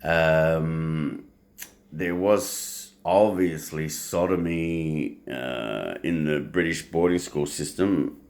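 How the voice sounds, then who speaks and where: A man records a casual, rambling vlog monologue at home while making breakfast, crude and swearing freely between fillers. His voice is rumbling low with a darkish tone, and he talks extremely slowly.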